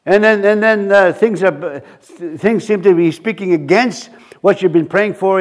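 Man preaching, high voice, stumbling restarts, acts out quotes. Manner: halting, repeats words, acts out quotes. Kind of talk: sermon.

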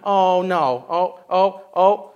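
A man's voice: high-pitched, slow, a little mellow, clean tone, muffled recording, pitched below the performer's own voice. A man voicing a disgusted woman, a queen who frets and stammers as she complains about her husband. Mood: scandalized. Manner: fretting, scandalized, stammering.

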